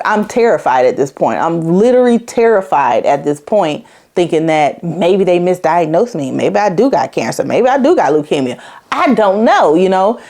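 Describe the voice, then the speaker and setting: Woman in her 40s, lowish voice, podcast host, blunt and swearing a lot, slangy, real emotional storytelling. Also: mellow. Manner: blunt, profane, conversational with slang; emotional, laughing through hard memories. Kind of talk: candid personal storytelling.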